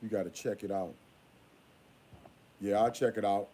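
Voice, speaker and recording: A father talking casually in a vlog, repeating himself and scolding in a drawn-out way. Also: fairly low pitch, fairly even intonation, mellow, breathy edge.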